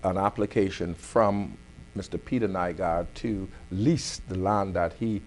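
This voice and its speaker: A Bahamian man hosts a community affairs talk show. His voice sits low, and he builds his argument point by point in a firm, deliberate manner. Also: a little hiss or hum. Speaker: host.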